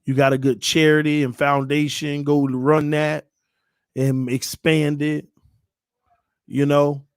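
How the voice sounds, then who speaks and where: A man's voice: a little high, slow pace, clear, resonant tone, no room sound, clean studio sound. A man, chatting casually as host of a sports livestream from home. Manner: animated, laughs loudly, slangy. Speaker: channel host.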